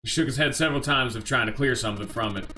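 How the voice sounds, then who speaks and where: A man's voice: mid-range voice, racing, pushed and bright, a little hiss or hum. A man hosting a let's play, reading the game's text aloud and adding casual, joking asides.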